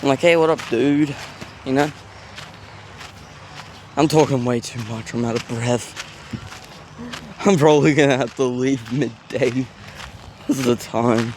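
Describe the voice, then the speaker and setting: A man's voice: medium pitch, fairly even intonation, unhurried, long pauses, a little mellow, slight background noise. Rambling man vlogging outdoors at a zoo. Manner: rambling, self-aware chatter with filler words. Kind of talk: casual walking vlog. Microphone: handheld phone camera.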